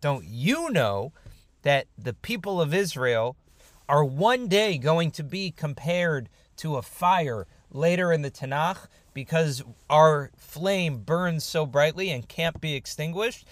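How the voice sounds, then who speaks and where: A man's voice: fairly high pitch, expressive, slow pace, a bit bright, no echo. A man voicing a stubborn grown biblical patriarch who talks in a chatty, modern, emphatic way. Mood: defiant.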